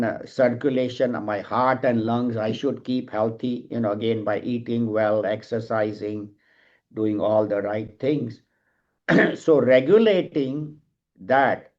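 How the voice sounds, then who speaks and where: A middle-aged man teaches a scripture class in a calm, explanatory way, with the odd light joke. His voice is of middling pitch. The recording is dull and lo-fi. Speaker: spiritual teacher. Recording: dull lo-fi sound.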